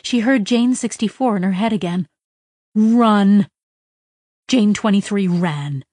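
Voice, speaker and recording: A woman's voice: mid-range voice, animated, moderate pace, darkish tone, no echo. A woman narrating a story in a tense, dramatic reading style with urgent bursts. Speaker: audiobook narrator.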